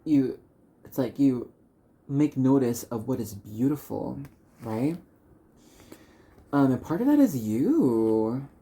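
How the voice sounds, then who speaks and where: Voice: mid-range voice, big pitch swings, slow pace, pauses often, warm tone. Tarot reader from Dallas, Texas: chatty, encouraging reading, loose and rambling.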